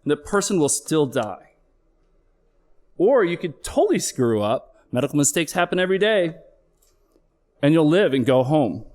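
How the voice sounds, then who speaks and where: A man's voice: a little high, very animated, moderate pace, pauses often, a little mellow. A middle-aged man, a flight paramedic, telling a candid personal story on stage with earnest emotional swells.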